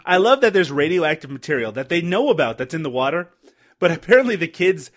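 A man's voice: a little high, big pitch swings, quick pace. A man co-hosting a casual movie commentary show, joking, swearing and laughing often. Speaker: movie review podcast co-host.

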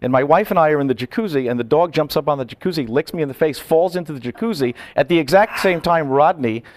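A man's voice: fairly high pitch, fast talker. A male comedian telling show-business stories in a casual talk-show chat, stumbling and restarting as he goes. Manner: lively storyteller who stumbles and restarts. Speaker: comedian guest.

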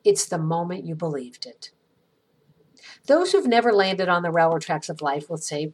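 Husky lowish woman doing an earnest, gentle podcast read, slow reflective pauses. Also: animated. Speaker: podcast host. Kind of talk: scripted inspirational narration.

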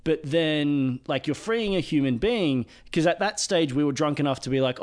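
Laughing Australian man, slightly high voice. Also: expressive, normal speed, darkish tone. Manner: laughs through his stories, rambling. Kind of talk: casual storytelling chat.

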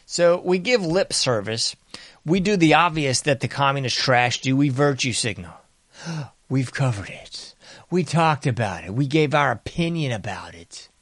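A man hosting a commentary show, talking in a sarcastic monologue that mocks bystanders and swings from loud to hushed. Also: medium pitch, no echo. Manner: sarcastic, mocking mimicry of bystanders; varies loudness a lot, sometimes dropping to whispers. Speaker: political commentary host.

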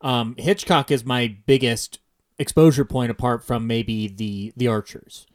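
A man's voice: medium pitch, steady tone, unhurried. Rambling American man talking films. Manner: digressive, thinks aloud with many restarts. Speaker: podcast co-host. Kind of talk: casual film podcast chat.

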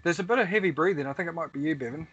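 A man's voice: fairly high pitch, racing, fairly bright tone, husky, no room sound, muffled recording. A man hosting a casual panel chat over an online call, joking and laughing easily. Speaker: podcast host.

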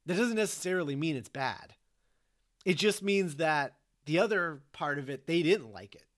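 A man's voice: fairly high pitch, lively intonation, moderate pace, fairly bright tone. A man in casual conversation who explains his points at length in a lecturing way. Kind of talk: casual chat.

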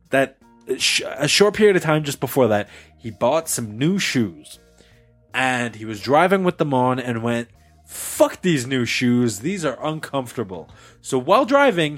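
A man telling a story in casual chat with friends, swearing and acting out the voices of the people in it. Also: mid-range voice. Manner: animated, swears a lot, acts out voices. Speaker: podcast host telling a story.

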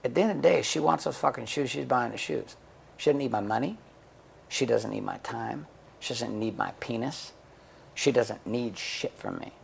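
A middle-aged man talks in a candid interview, blunt and profane, acting out quotes as he tells stories. His voice is gravelly and mid-pitched. A faint hiss sits under the recording. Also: normal speed. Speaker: guest, men's coach and author.

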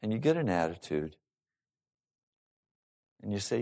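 A male pastor preaching a sermon to his congregation in an animated, rising and falling delivery. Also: on the low side, a little slow, gravelly, pauses often.

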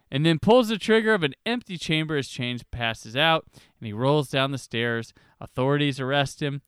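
A man with a fairly high voice recaps a movie plot in a laid-back, chuckling way, padding with filler words. The sound is smooth, clear and dry, close to the mic. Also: animated, moderate pace, a bit bright, dry recording. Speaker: podcast co-host.

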